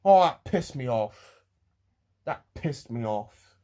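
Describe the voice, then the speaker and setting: An eighteen-year-old man rants to camera, rambling, with many pauses and restarts. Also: mid-range voice, animated, dark tone. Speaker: vlogger. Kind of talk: ranting to camera.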